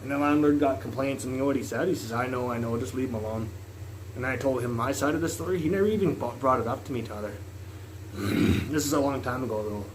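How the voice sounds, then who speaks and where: A man rambles loudly through a home cooking stream, swearing often and wandering off topic. His voice sits in a middle range. It comes through a phone mic with steady noise underneath. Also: medium pitch, quick pace. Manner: rambling, loud, swears a lot. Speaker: live streamer. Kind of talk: casual live-stream chat while cooking. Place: home kitchen.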